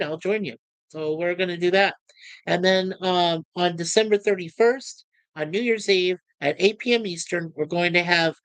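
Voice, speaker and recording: A man's voice: sits high, a bit bright, clean tone, dry recording. A middle-aged man hosting a livestream, chatting casually and rambling as he reads viewer comments. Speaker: livestream host.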